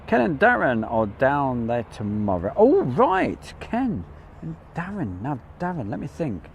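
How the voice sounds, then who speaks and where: Chatty Midlands-accented man, lively pitch. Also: a little hiss or hum. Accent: English Midlands. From English Midlands. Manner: chatty, rambling, self-deprecating. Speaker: livestream host. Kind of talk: casual live commentary.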